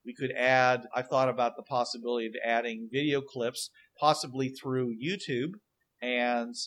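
A man's voice: mid-range voice, flat delivery, normal speed, fairly bright tone. A man co-hosting a gaming podcast, talking casually with many fillers and restarts. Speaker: podcast co-host.

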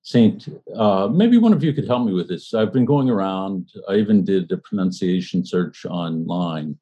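A man with a very low, slightly husky voice and a dark, mellow tone leads a small study group. He talks in a thoughtful, halting way with many fillers and restarts, then settles into reading passages aloud. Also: expressive, lo-fi sound. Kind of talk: book discussion and reading aloud.

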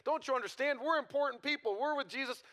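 A man's voice: very high-pitched, fast, voice pushed up. A man doing an impatient, dismissive crowd. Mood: scornful. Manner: brusque, hushing.

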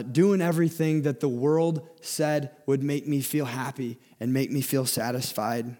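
A man's voice: mid-range voice, a little mellow. A young man giving a sermon in an earnest way, often repeating and restarting his words as he speaks.

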